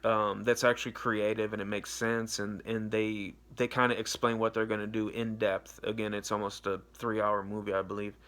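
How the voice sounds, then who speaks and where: A man's voice: fairly low pitch, level tone, normal speed, hardly any pauses, a bit bright. A young man giving a casual, rambling movie review, swearing freely and trailing off into fillers. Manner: rambling, profane, loose and unscripted.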